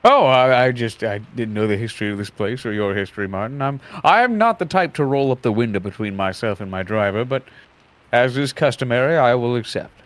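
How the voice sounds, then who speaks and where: A theatrical gentleman entertainer who uses grand, old-fashioned phrasing, as a man puts him on. His voice is neither high nor low, and his manner is courtly and refined. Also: lively intonation, a little fast, natural voice. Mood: gracious.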